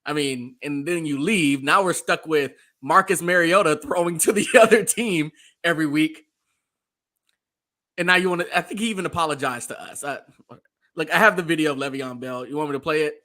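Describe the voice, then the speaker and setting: A man's voice: a little high, fairly quick, sharp tone. A man co-hosting a sports talk show, agreeing a lot and chiming in with his own gripes. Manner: agreeable, backchanneling. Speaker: podcast co-host. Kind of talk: casual sports chat.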